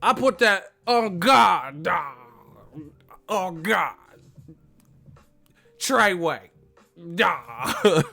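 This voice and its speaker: A man doing an impression of an older male comedian, talking slowly and drawn out, posing as tough. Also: sits high, animated, creaky, pushed and bright, faint music behind, pitched above the performer's own voice, exaggerated voice. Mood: mock gangster. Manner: slow, drawn-out, mock-tough.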